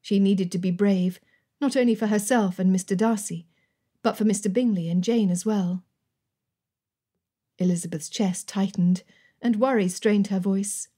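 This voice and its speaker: Mellow, breathy woman narrating a romance. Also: mid-range voice, normal speed, long pauses. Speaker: audiobook narrator. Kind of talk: scripted narration.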